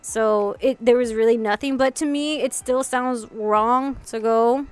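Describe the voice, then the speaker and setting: A young woman vlogger telling a personal story in casual chat, animated and full of "like"s and restarts. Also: fairly high pitch, unhurried, clean tone, soft background music. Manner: animated, acts out quotes, many "like"s and restarts.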